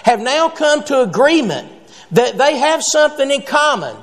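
A man's voice: very high voice, sing-song, normal speed, long reverb tail. A man preaching a sermon as pastor, telling folksy stories and jokes between Scripture points. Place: church sanctuary.

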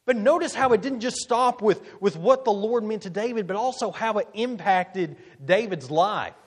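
A man preaching a sermon, reading scripture slowly and deliberately with strong emphasis. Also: high voice, animated, husky. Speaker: pastor.

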